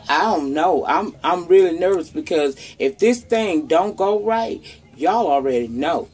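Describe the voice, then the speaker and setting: Southern lady vlogging about the news, swears a lot, keeps calling her viewers y'all, loose and chatty. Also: fairly low pitch. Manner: chatty, profane, talks straight to viewers as "y'all". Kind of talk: casual commentary on news and gossip.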